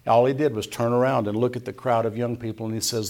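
A man's voice: mid-range voice, steady tone, fast talker, darkish tone. An older man preaching a sermon as pastor, talking earnestly and conversationally and building to emphatic peaks. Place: church.

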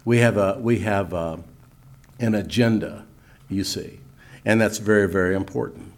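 An older man preaching and teaching, reading scripture slowly and solemnly between folksy asides. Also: lowish voice. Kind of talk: sermon-style teaching.

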